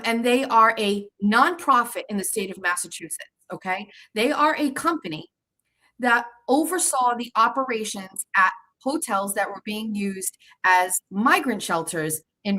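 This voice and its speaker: A woman's voice: mid-range voice, sharp tone, poor audio. A young adult woman, hosting her show in a heated, profane monologue, repeating herself as she pushes back at critics. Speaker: show host.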